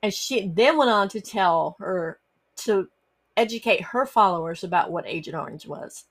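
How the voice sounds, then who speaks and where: A woman's voice: medium pitch, lively intonation, normal speed. A middle-aged woman, hosting a personal storytelling podcast and talking earnestly, with frequent fillers and restarts. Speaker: podcast host.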